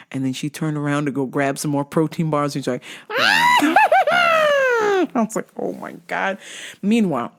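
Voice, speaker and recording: Animated, foul-mouthed woman storyteller. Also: sits low. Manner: animated, profane, laughs loudly, squeals in impressions. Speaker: podcast host. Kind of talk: casual storytelling.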